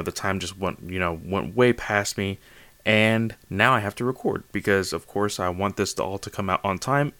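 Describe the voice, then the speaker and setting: A man's voice: on the low side, fairly bright tone, dry recording. A man hosting a casual solo manga review podcast late at night, tired and slightly slurring, rambling with lots of fillers and restarts. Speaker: podcast host.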